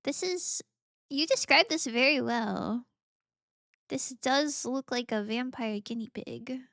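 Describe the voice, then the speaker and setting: A woman's voice: high-pitched, slow, creaky, a bit bright, dry recording. A woman streamer chatting casually while playing games, bubbly and gushing, laughing often. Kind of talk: casual gaming stream chat.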